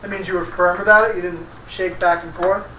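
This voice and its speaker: A hoarse man teaching a classroom vocabulary lesson, joking and exasperated with his students. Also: high-pitched, fairly even intonation, fairly quick, sharp tone, slight background noise. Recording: echoey classroom from far off.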